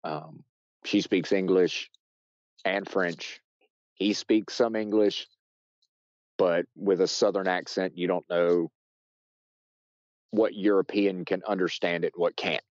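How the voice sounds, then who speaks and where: An American man, a podcast guest, telling a story casually with many restarts and fillers, shouting loudly when he acts out quotes. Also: low voice, steady tone, takes it slowly, pauses often, no echo, muffled recording. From United States. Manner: rambling, with frequent restarts and fillers.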